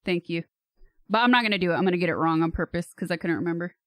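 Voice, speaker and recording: A woman's voice: on the low side, racing, no room sound. A woman from California streaming live, thinking aloud in a hesitant way and laughing at herself. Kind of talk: casual livestream chat.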